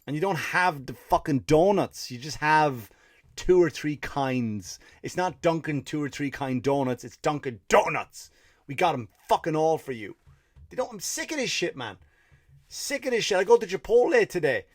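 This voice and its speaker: A man's voice: a little high, expressive, normal speed, no room sound, clean studio sound. An Irish man who hosts a comedy podcast, telling a rambling story with profanity and fired-up rants. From Ireland. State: tired after running 50 miles (story).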